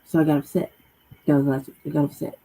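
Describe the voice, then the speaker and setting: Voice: medium pitch, level tone, fast, mellow, poor audio. A channel host telling a long personal story in a casual, profane, rambling monologue full of slang.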